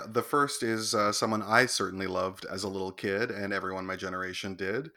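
A man's voice: low voice, fairly even intonation, a little fast, hardly any pauses, pushed and bright. A man co-hosting a casual chat show, trading wry, teasing quips. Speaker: podcast co-host.

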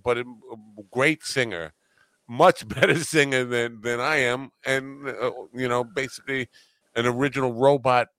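Give me an easygoing male podcast host with a smooth, crisp voice recorded dry. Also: mid-range voice, fairly even intonation, normal speed, fairly bright tone, dry recording. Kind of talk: casual interview chat.

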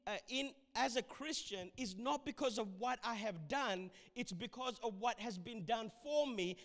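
High-pitched preacher in a reverberant church. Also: male voice, a bit bright. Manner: emphatic, urging the congregation. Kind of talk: sermon. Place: church hall.

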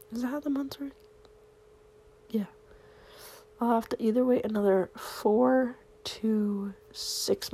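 A woman murmuring a late-night voice message in a hushed, rambling way, with casual swearing. Her pitch sits a little high, and a gravelly fry runs through her soft delivery. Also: slight background noise.

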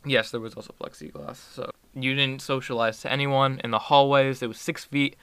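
A man's voice: medium pitch, steady tone, moderate pace, vocal fry, bright, forceful tone, smooth, dry recording. A teenage boy chatting casually in an interview, rambling with many fillers and restarts. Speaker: student athlete guest.

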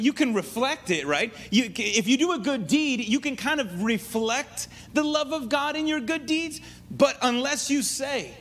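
High-voiced, animated male preacher. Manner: animated, checks in with listeners often. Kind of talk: sermon.

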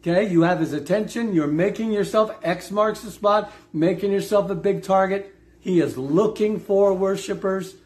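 Emphatic male preacher, slightly high voice. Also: moderate pace, a little mellow. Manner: emphatic, repeats key phrases, asks the congregation questions. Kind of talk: sermon.

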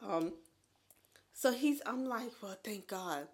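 A woman in her thirties co-hosting a podcast, telling her own story in casual chat, animated and laughing often. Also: mid-range voice, slow pace. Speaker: podcast co-host.

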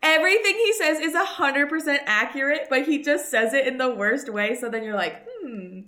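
A young woman with a fairly high voice in a roomy, echoing space. She argues her point in casual chat, laughing mid-sentence as she goes. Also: moderate pace, pushed and bright.

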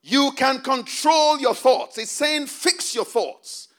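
A man's voice: extremely high pitch, slow pace, fairly bright tone. A male preacher delivering a sermon, repeating key phrases for emphasis and calling on the congregation to answer back.

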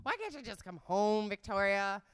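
A woman's voice: mid-range voice, sing-song, normal speed, clean tone, dry recording, pitched above the performer's own voice, close to an everyday voice. A woman imitating her exasperated middle-aged mother, using a nasal, scolding voice. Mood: pleading, dismayed. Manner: yelling, scolding, swearing.

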